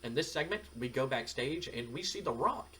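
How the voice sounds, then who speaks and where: A man's voice: mid-range voice, expressive, normal speed, sharp tone, breathy edge, low-quality recording. A man casually narrating a wrestling simulation game, rambling with fillers as he retells the action. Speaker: game commentator.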